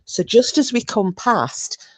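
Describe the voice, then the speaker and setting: A woman's voice: on the high side, slow, dry recording. Brash woman telling a wild story. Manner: animated, swearing, shrieking when acting out herself. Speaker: co-host. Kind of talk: casual storytelling chat.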